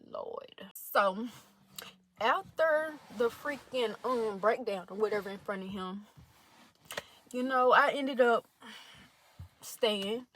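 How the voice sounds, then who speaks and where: Slow and a little high, her voice leaves long pauses, with slight hiss or hum in the background. The speaker is a young college woman vlogging a storytime, bluntly and profanely reading out texts between other people in an animated retelling.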